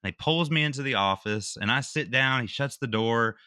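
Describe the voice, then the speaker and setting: A man's voice: mid-range voice, a little fast, clear, resonant tone, dry recording, clean studio sound. A man, a military veteran guest, telling a personal story in casual talk. He acts out the other people's lines and drops "dude" and "bro" as he goes. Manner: animated retelling, acts out quotes, slangy with "dude" and "bro".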